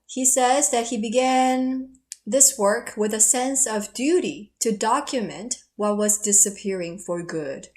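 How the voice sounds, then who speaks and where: A woman lecturer from South Korea speaks in a slow, unhurried rhythm, her voice sitting a little high. She tells her stories with an easy, self-mocking warmth between points of history. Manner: warm, storytelling, laughs at herself. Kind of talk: recorded lecture with personal stories.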